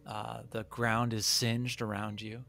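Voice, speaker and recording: A man's voice: lowish voice, flat delivery, gravelly, bright, forceful tone. A man narrating as game master in a tabletop game, hesitant with many fillers. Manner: halting, lots of fillers.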